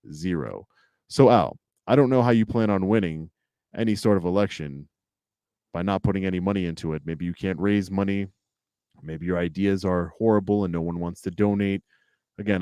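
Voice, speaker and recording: A man's voice: deep voice, warm tone, dry recording, clean studio sound. A man from Long Island, hosting a commentary video in a sarcastic, lecturing way. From Long Island, New York. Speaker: channel host.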